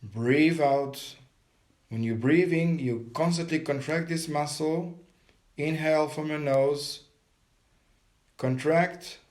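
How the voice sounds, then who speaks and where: A man leading a guided meditation, giving calm step-by-step breathing instructions. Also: fairly high pitch.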